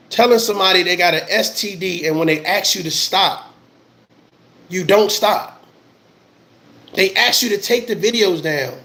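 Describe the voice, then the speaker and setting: A man with a strikingly high voice gives fired-up commentary to his viewers. He rants with passion and circles back to the same phrases over and over. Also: a bit bright. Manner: impassioned ranting with repeated phrases. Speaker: army veteran commentator. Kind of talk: heated livestream commentary.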